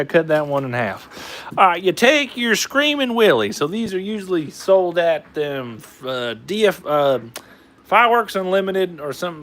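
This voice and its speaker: A man with a high-pitched, slightly bright voice hosts a fireworks video in a put-on Southern drawl, folksy and joking as he rambles through a casual hands-on demo. A camera operator films him, and the camera mic picks up roomy, distant audio with faint noise.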